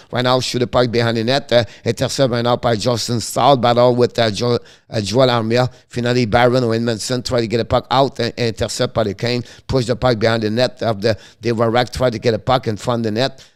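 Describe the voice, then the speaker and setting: Man, live hockey play-by-play, broken English, clipped calls, smooth clear voice. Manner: rapid clipped calls with broken English and many fillers, jumping high on shots. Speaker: play-by-play commentator.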